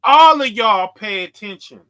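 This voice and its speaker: A man preaching forcefully to his viewers, confrontational and full of slang. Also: sits high, animated, unhurried, clear, resonant tone. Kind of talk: street preaching livestream.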